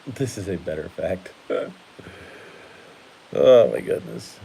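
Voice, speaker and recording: A man's voice: low voice, big pitch swings, slow pace, gravelly, pauses often, dark tone, a little hiss or hum, rough recording. A man hosting a casual card-collecting live stream, chatty and laughing often while he sorts cards at his table.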